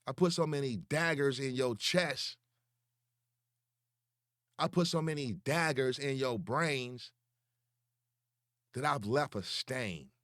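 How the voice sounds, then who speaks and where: A young man, ranting slowly and profanely as he calls someone out online, repeating words for emphasis. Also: medium pitch, fairly bright tone, dry recording, clean studio sound. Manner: slow, taunting and profane. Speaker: online commentator. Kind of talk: confrontational call-out rant.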